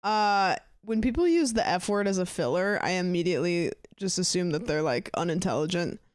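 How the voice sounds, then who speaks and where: A woman's voice: lowish voice, expressive, fairly quick, no room sound, studio quality. A woman streamer commenting casually on clips, frank and full of fillers. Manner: chatty, frank, with many fillers.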